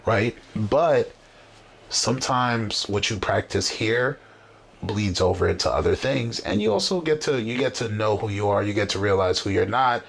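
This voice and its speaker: A man's voice: lowish voice, normal speed, vocal fry, a bit bright. A man hosting a casual podcast chat, talking in a motivational, emphatic way. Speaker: podcast host. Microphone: camera setup on a desk.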